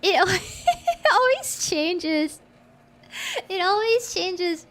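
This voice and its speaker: Filipino-accented woman, game streamer, high voice, talky and meandering with plenty of restarts. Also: expressive, very slow, fairly bright tone. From Philippines. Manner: chatty, rambling, restarts phrases while thinking aloud. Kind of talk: casual game-stream chat.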